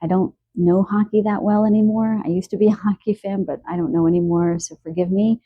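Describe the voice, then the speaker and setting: A woman giving an intuitive love card reading, musing aloud with soft laughs and a slightly stuffy nose. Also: mid-range voice, steady tone, brisk, dry recording, narrow, tinny audio. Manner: musing, stream-of-consciousness, frequent soft laughs. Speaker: tarot card reader.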